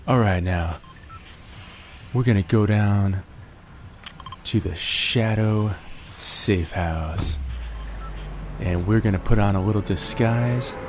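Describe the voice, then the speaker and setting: A man in a groggy morning voice narrating his gameplay, relaxed and jokey, making little puns as he goes. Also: on the low side, slow pace, pauses often, music in the background. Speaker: gaming video host. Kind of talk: gameplay commentary.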